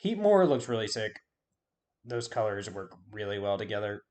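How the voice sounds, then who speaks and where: A man's voice: fairly low pitch, big pitch swings, normal speed, darkish tone. A man giving casual video game commentary, rambling and forgetting names with self-deprecating asides. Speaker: YouTube host.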